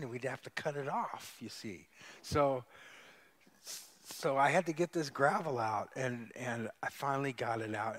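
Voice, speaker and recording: A man's voice: mid-range voice, no room sound. Emphatic middle-aged male preacher. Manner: storytelling preacher, emphatic, rising to loud peaks. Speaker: guest pastor. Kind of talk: sermon.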